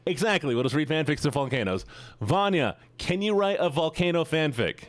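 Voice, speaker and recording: A man's voice: on the high side, huge pitch swings, takes it slowly, dry recording. A man streaming and chatting casually with his viewers, rambling and joking as he gets sidetracked.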